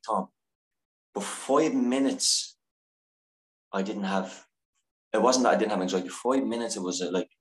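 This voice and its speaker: A man who is a podcast guest, telling an earnest, emotional personal story. He swears freely and often restarts his sentences. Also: low-pitched. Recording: echoey room.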